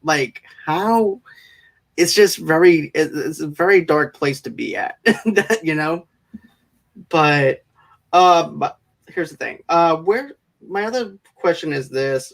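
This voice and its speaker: A man's voice: fairly high pitch, gravelly, a bit bright. A man hosting a casual interview show, talking in eager, rambling runs. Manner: eager, rambling, quick bursts. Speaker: show host.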